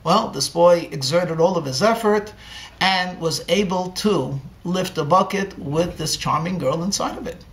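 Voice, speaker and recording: A man, a rabbi, telling a story in a sermon at a slow, deliberate pace with many pauses. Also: high-pitched.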